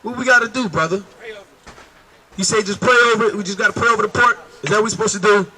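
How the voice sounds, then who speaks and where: A man with a very high, bright voice preaches outdoors. He keeps hammering his point and calling out to his listener as brother and man. The sound is sharp and forceful. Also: quick pace, poor audio. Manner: emphatic, calls out "brother" and "man". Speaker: street preacher. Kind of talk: street preaching.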